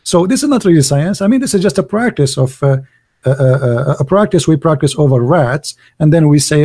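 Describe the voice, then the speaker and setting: Fast-talking animated man debating. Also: fairly high pitch, no echo, clean studio sound. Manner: fast, animated, lots of fillers and restarts, non-native English grammar. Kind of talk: casual debate on a call.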